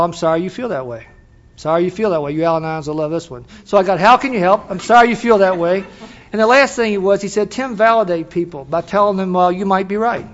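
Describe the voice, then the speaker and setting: An older man with a voice high for a man tells his personal story to a live audience at a recovery meeting, folksy and self-deprecating, frequently stopping and starting over. The lo-fi, dull recording picks up the crowd laughing behind him.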